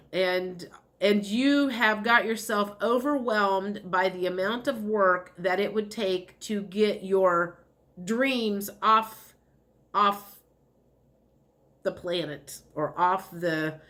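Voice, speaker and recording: A woman's voice: mid-range voice, a bit bright. A woman giving a casual spoken tarot reading, rambling and chatty with many fillers and light laughs. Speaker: tarot reader.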